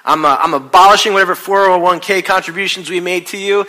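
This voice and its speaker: A man's voice: high-pitched, fairly even intonation, quick pace, bright, forceful tone, voice pushed up. A man voicing a harsh, furious billionaire boss who scolds and fires an employee with indignant force. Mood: angry.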